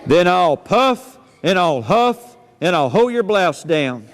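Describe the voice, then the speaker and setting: Wolf for a kids' storytelling set: big, bad, low and growly, slow and drawn-out, drawl, a man puts it on, in a hall with long reverb. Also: big pitch swings, a little hiss or hum, full character voice. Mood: menacing.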